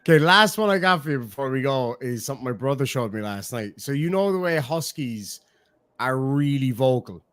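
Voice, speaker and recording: A man's voice: medium pitch, animated, moderate pace, fairly bright tone, dry recording, clean studio sound. An Irish man hosting a stream, chatting casually and swearing as he reacts to clips, laughing often.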